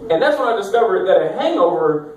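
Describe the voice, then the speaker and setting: A man's voice: high voice, sing-song, fast talker, a little mellow, a little hiss or hum. A young adult man doing a stand-up set in a comedy club, rambling and self-mocking, with plenty of swearing. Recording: echoey club, mic from far off.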